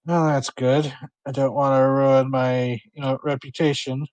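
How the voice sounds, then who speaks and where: A man's voice: mid-range voice, level tone, a little slow, darkish tone, no echo, close to an everyday voice. A man doing a weary, exasperated preserve manager. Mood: sheepish. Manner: exasperated, sighing. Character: weary male wildlife-preserve manager, usually calm.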